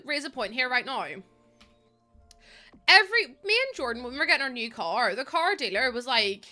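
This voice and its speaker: A woman's voice: sits high, animated, fast talker, pushed and bright, faint music behind. A woman in her twenties with an Irish accent, chatting casually and rambling, often laughing, while streaming a game. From Ireland. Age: 20s. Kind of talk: casual chat while gaming. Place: at home.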